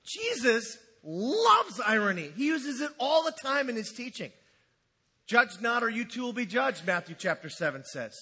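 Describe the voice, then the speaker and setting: Male preacher, high husky voice, lively and joking, bright tone. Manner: animated, jokey, acts out quotes. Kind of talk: humorous sermon.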